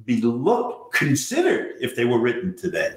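A man's voice: medium pitch, wildly swooping pitch, moderate pace. An older man, a stage actor and playwright, telling rambling anecdotes in a casual interview. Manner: rambling storyteller, frequent restarts. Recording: roomy recording with faint noise.

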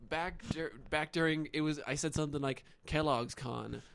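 A man telling a funny story in casual podcast chat, joking and doing quick voices. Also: a little high, creaky, fairly bright tone.

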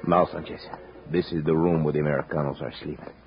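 An actor playing a scheming young bandit captain in a 1950s radio drama. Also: male voice, very deep voice, steady tone, fast talker, over loud music. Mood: hushed menace. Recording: dull lo-fi old radio recording with faint hiss.

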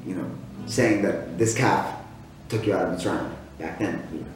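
A man giving a weekly Torah talk, animated, asking rhetorical questions and often restarting his sentences. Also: low-pitched, normal speed, background noise. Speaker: Torah speaker. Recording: very echoey room with loud guitar music.

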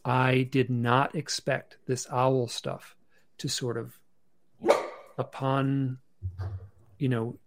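A man as a podcast guest on a video call from his bedroom, telling a story in a casual, halting way with many restarts and fillers. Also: medium pitch, little pitch movement, noisy background. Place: bedroom at home.

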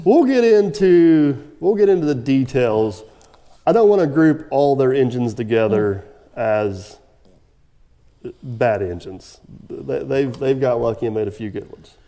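A man hosting a casual podcast, his voice mellow and dark as it hangs in a room with a long reverb. He talks in a rambling, sarcastic way, laughing at his own jabs. It sounds like an easy, unscripted chat among friends. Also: medium pitch, a little slow, highs cut off. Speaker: podcast host.

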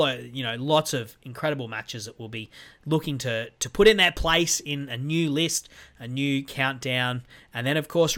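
A man's voice: mid-range voice, fairly bright tone. Rambling male podcast host at home. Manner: rambling, with frequent ums and restarts. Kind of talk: casual solo podcast sign-off. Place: home room.

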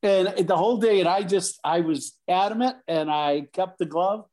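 This guest, a middle-aged ex-professional baseball player, has a high-sitting voice and a moderate pace. His casual storytelling is animated, and he performs the voices of characters in his anecdotes.

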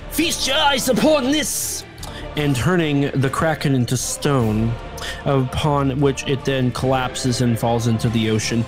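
A young man in casual comedic chat, animatedly retelling a movie plot as a podcast co-host. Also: medium pitch. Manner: animated storytelling, squawking bird impressions, laughing. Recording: music playing behind.

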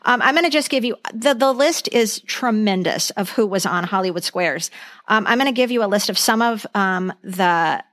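A woman's voice: medium pitch, animated, moderate pace, a bit bright, no echo. A woman co-hosting a podcast, chatting enthusiastically and reading out lists of trivia. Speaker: podcast co-host. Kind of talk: casual chat.

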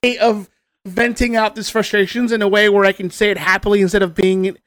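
A man's voice: high voice, little pitch movement, a little fast, a bit bright, no echo. A man hosting a casual podcast, venting with sarcasm and casual swearing. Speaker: podcast host.

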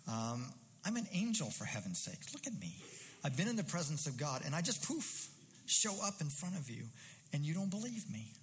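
A man's voice: a little high, very animated, normal speed, long reverb tail, a little hiss or hum, voice pushed up, low-quality recording. A man playing an exasperated angel. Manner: incredulous, sarcastic. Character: exasperated male angel, indignant.

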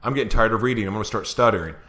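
A man hosts a live-streamed chat, talking casually and laughing often between read-out passages. His voice is bright and forceful, though he is losing it a bit. He speaks into a computer mic on a video call. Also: fairly low pitch, racing. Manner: chatty, laughs often, reads an intro aloud. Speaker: show host.

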